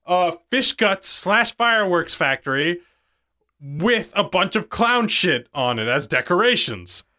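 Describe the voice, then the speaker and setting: A man with a somewhat high, bright and forceful voice talks through a movie plot with his co-host. He rambles, swears freely and keeps breaking into laughter. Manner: rambling, profane, laughs often. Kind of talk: casual podcast movie recap.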